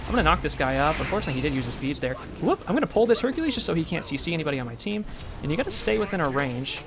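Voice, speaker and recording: A young man giving live commentary on his own ranked game, mixing calm strategy talk with excitable trash talk. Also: a little high, fast, creaky, music in the background. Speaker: gaming streamer.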